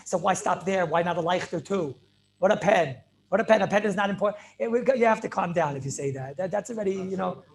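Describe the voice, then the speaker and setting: A man's voice: high voice, creaky. Man, rabbi, Talmud lecture, video call, emphatic, repeats phrases, Hebrew and Yiddish terms. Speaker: rabbi teaching a Talmud class. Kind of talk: animated Torah lecture.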